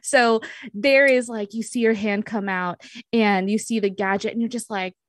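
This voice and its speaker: A woman's voice: mid-range voice, steady tone, moderate pace, no room sound, studio quality. A woman narrating a tabletop game as game master, casual and full of fillers.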